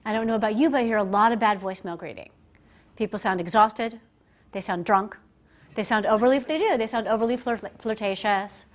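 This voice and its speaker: A woman working as a communication coach, giving a lively, conversational business presentation to a group and acting out the voices she quotes. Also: mid-range voice, brisk. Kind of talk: live business presentation to an audience. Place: presentation room, speaking standing before a group.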